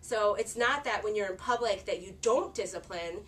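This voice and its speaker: A woman's voice: medium pitch, moderate pace, a bit bright, far from the mic. A woman in her thirties talking casually to camera about parenting, chatty and earnest with many filler words. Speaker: parenting vlogger.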